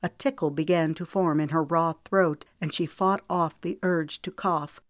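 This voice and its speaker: A woman, the author, reading her novel aloud in a steady storytelling cadence. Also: low-pitched, normal speed, no room sound, clean studio sound. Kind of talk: audiobook narration.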